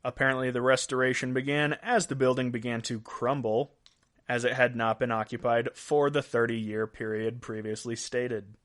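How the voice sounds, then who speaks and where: A man's voice: mid-range voice, fairly even intonation, moderate pace, fairly bright tone. A man hosting a podcast, reading out weird news stories in a casual way and laughing at his own jokes. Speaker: podcast host.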